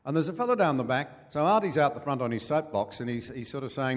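An older man with an Australian accent, a former politician telling folksy stories as an interview guest, pausing with many fillers. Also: medium pitch, expressive, in a large hall. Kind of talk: anecdotal storytelling.

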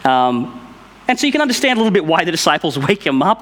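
A man's voice: fairly high pitch, very animated, fast, a bit bright. A man giving an informal Bible study, explaining step by step in a thoughtful, conversational way. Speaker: Bible teacher.

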